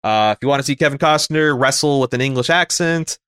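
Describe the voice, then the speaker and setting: A North American man rambles through a casual film review with dry humor and plenty of restarts. His voice is bright and crisp. It sits close and dry, with no room around it. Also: medium pitch, quick pace, no room sound. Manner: rambling, wry, many fillers and restarts. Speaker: podcast co-host. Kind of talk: casual movie review chat.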